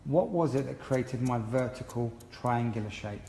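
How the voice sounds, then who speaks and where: A man with a gravelly, mid-pitched voice talks through a haircut in a chatty, encouraging way, explaining each step for an online class. His voice rings around a roomy salon with a long reverb tail. Faint ambient noise sits underneath. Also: normal speed, dark tone. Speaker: hairdressing educator. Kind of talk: live-streamed haircut tutorial.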